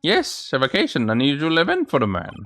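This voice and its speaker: A man's voice: on the high side, wildly swooping pitch, fairly quick, a bit bright. A man voicing an old man who talks in an old-fashioned way, calling people my dear and me boy, over faint game music. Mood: earnest.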